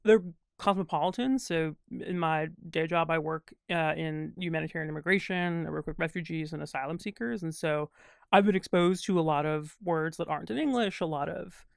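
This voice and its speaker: A man chatting as a guest in an interview, thinking out loud in long, winding sentences full of fillers. His voice has a gravelly fry but stays smooth and resonant underneath. The sound is dry and close. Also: on the high side, a little fast, no room sound. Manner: thoughtful, rambling with many fillers. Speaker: guest crossword constructor. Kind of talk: casual interview conversation.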